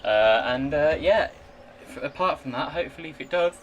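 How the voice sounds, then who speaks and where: A man chatting to himself and his viewers in an excitable way while he works on a computer at home. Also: on the high side, moderate pace, lo-fi sound. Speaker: vlogger. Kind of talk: casual running commentary while using a computer. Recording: voice a bit far from the mic, faint background noise.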